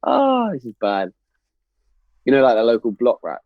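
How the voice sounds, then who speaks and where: An army veteran telling rowdy barracks stories in casual chat, swearing and laughing. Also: male voice, medium pitch, huge pitch swings, normal speed, muffled recording.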